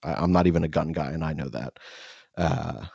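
A man's voice: rumbling low, fairly quick, creaky, a little mellow, slightly rough, no echo. A man casually telling a rambling story, full of fillers, restarts and swearing. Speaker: podcast co-host. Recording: dull lo-fi, dry.

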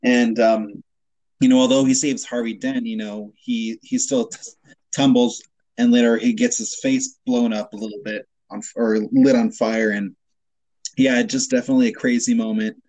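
A man chatting casually on a podcast about a film moment that shocked him. He tells it with animation and acts out the characters' lines. His voice is mid-pitched and dry, close to the mic. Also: normal speed, no room sound, low-quality recording. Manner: animated storytelling, acts out quotes. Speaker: podcast co-host. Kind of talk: casual movie chat.

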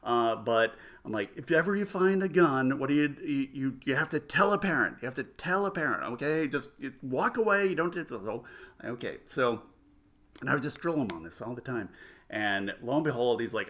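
A man's voice: mid-range voice, expressive, normal speed, fairly bright tone. A man in his forties telling a rambling family story in casual chat, full of restarts and self-mocking humor. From United States.

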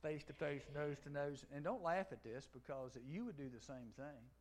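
Animated preaching man, higher pitched. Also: moderate pace. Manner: animated storytelling, acting out dialogue, swinging from loud to hushed. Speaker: pastor. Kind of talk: sermon. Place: large room before a youth audience.

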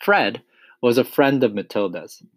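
A man reading a children's storybook aloud, steady and expressive. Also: medium pitch, measured pace, background noise. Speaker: narrator.

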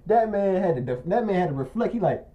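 A man telling a rambling, animated story in casual chat, acting out quotes and often laughing. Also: high voice, fast, highs cut off.

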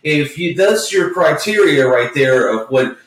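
A man's voice: fairly high pitch, animated, measured pace. Rambling, swearing man in an echoey room. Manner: rambling, profane, with many false starts. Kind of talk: casual movie chat. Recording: echoey room, far from the mic.

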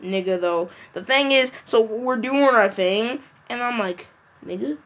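A man's voice: sits high, unhurried, fairly bright tone. A young man in casual banter with a friend, teasing and crude, mocking others with put-on voices. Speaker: friend in a recorded chat.

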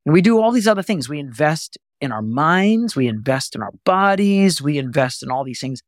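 A man's voice: a little high, sing-song, normal speed, dry recording, studio quality. A man teaching as a voice coach, explaining things earnestly and step by step. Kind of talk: instructional talk to camera.

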